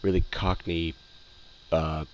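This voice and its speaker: A man with a low, deep voice talks through his opinions in a loose, rambling way. He circles back to the same phrases and fills the gaps with ums and uhs as he reviews. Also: flat delivery, slow pace, muffled recording, a little hiss or hum. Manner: rambling, repeats himself, many fillers and restarts. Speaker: video reviewer.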